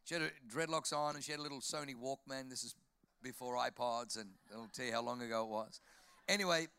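A man with an Australian accent preaching a sermon, telling jokey stories in an animated way. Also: medium pitch, quick pace, vocal fry, clean tone, no room sound. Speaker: pastor.

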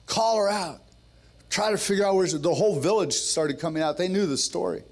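High-voiced man preaching fervently. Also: a little fast. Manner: storytelling that builds to fervent, rousing exhortation; joking, conversational asides. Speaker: preacher at a men's ministry gathering. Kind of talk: sermon.

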